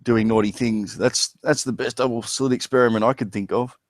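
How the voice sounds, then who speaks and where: A man's voice: mid-range voice, steady tone, a little fast, no room sound. A man with an Australian accent, chatting casually and rambling, with crude jokes. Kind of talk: casual chat.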